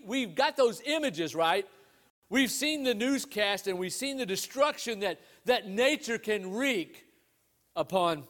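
A man's voice: high voice, a bit bright. A man preaching a sermon as pastor in a conversational way, asking rhetorical questions and restarting his phrases.

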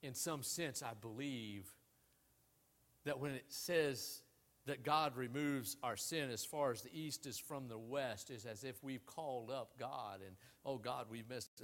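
A man preaching a sermon, telling anecdotes with wide swings in pitch and loudness. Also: animated, moderate pace. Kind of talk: sermon with storytelling.

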